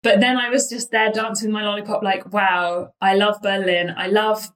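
Animated woman from London, roomy sound. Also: medium pitch, moderate pace. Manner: animated, laughing, acts out her own past lines. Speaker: storyteller. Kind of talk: casual storytelling.

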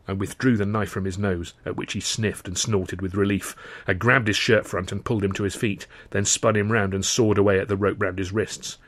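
A man's voice: fairly low pitch, fairly even intonation, fairly quick, no echo. A man reading his own comic novel in the first person, in a wry, dryly comic storytelling manner. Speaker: author and reader.

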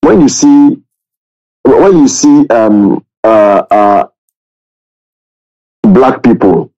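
A man co-hosting a sports podcast, making his points haltingly with many fillers and restarts. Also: medium pitch, animated, dark tone. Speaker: podcast co-host. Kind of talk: casual sports podcast chat. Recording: dull lo-fi sound.

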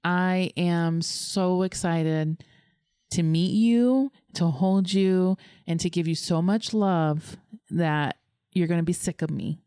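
A woman's voice: on the low side, slow, mellow, smooth, no room sound, clean studio sound. A woman who is soon to be a grandmother, talking in a casual podcast chat and gushing with emotion over the coming grandchild.

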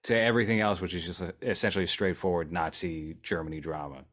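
A man's voice: low-pitched, steady tone, fast talker, fairly bright tone. A man hosting a podcast in casual chat, dry and wry. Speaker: podcast host.

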